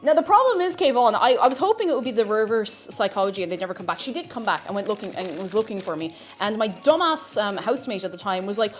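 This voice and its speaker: Chatty Irish woman with a lively voice. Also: medium pitch, fast, hardly any pauses, faint music behind. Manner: chatty, rambling storyteller who laughs often. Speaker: baking livestream host. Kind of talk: casual chat while baking. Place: home kitchen.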